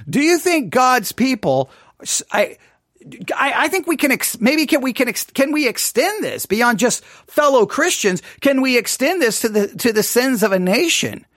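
Man host, conversational and questioning, lively pitch, dry close mic. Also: normal speed, dry recording. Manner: musing, questioning, with restarts. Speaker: study host. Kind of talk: conversational Bible study commentary.

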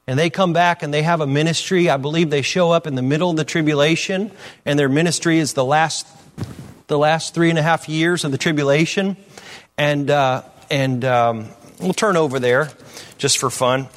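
A man preaching a sermon as pastor, reading scripture aloud and commenting with frequent fillers, swinging from low asides to loud declarations. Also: fairly even intonation, normal speed.

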